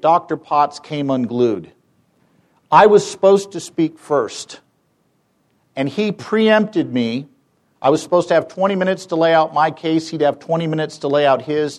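Animated man with a raised voice. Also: a little high. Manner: animated, rhetorical questions, wry humor. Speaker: public speaker and campus debater. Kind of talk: persuasive public talk to an audience.

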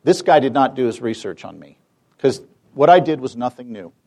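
A man's voice: medium pitch, lively intonation, a little fast, warm tone. A man in his fifties from the United States, giving a persuasive public talk with rhetorical questions and wry humor. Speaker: public speaker and campus debater.

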